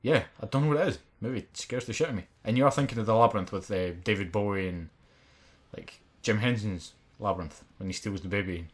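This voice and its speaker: A Scottish man in his twenties rattles along quickly in sweary, rambling podcast chat. His voice sits a little low, and his stories tumble out with loose, offhand energy. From Scotland. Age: 20s. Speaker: podcast co-host. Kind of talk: casual chat.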